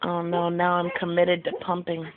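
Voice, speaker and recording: A woman's voice: lowish voice, completely flat delivery, normal speed, phone-quality sound, a crowd in the background. A young woman, a mother filming her baby at home, chatting casually with playful, giggly, teasing baby talk. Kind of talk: casual home video chat.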